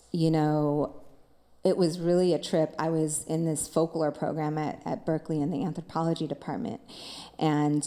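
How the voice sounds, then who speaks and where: Low-voiced reflective woman on a panel. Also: warm tone. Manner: reflective, halting, thinks aloud with many fillers. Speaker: panelist and dance scholar. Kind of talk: panel discussion.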